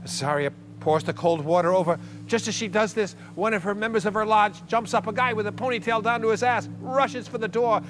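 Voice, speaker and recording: High-voiced wry monologist man. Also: a little fast, hardly any pauses. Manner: animated, wry, increasingly breathless. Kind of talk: theatrical storytelling monologue. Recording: hum and noise under voice.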